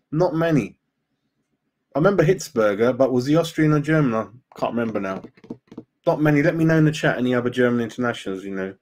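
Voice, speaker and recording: Chatty man hosting a fan stream. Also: fairly high pitch. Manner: chatty, greets viewers by name, says "mate" often. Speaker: fan channel host. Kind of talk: casual live-stream chat.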